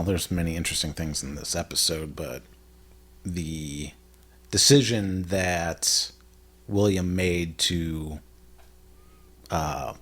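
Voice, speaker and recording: A man's voice: deep voice, fairly bright tone, breathy edge. A man co-hosting a TV podcast in casual chat, rambling with stop-start phrasing. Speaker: podcast co-host.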